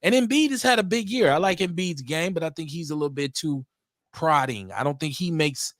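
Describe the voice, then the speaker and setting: A man on a casual sports talk show, animated and joking, often repeating himself. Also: on the high side, fairly quick, dry recording, studio quality.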